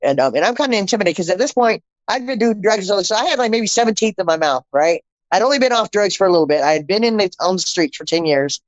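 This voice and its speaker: Middle-aged woman guest, storyteller, mid-pitched voice, slightly muffled recording. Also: fast talker, few pauses, dry recording. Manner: animated, acts out quoted dialogue, repeats phrases for emphasis. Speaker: podcast guest. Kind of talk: personal testimony storytelling.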